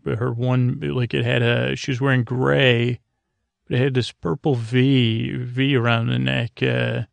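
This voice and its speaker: A man hosts a sleep podcast, rambling through an episode recap with many fillers and restarts. His voice is low-key, flat, and heavily gravelly, and the recording sounds dry and close. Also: dry recording. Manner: meandering, halting, many fillers. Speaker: podcast host.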